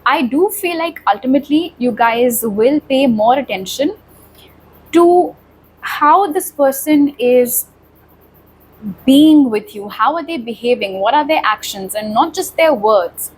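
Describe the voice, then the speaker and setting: A woman's voice: sits high, expressive, measured pace, slightly rough, poor audio. Reassuring woman giving a tarot reading. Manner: reassuring, addresses viewers directly. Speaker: tarot reader. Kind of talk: pick-a-card tarot reading.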